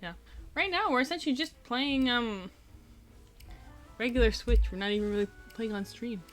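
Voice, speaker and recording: A woman's voice: a little high, moderate pace, soft background music. A woman streaming a video game with a friend, chatting playfully and giggling. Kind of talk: casual gameplay chat.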